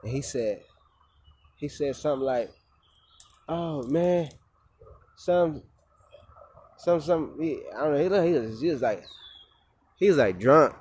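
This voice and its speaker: A man's voice: medium pitch, animated, normal speed, pauses often, husky. A man in a rambling, profane casual monologue who often repeats himself and restarts. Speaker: vlogger.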